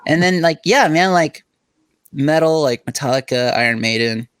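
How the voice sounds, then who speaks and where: A man's voice: fairly high pitch, unhurried, a bit bright, no room sound. Young man, casual podcast chat, profane, rambling, "like" everywhere, dry voice. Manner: rambling, profane storytelling with frequent "like". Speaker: podcast co-host.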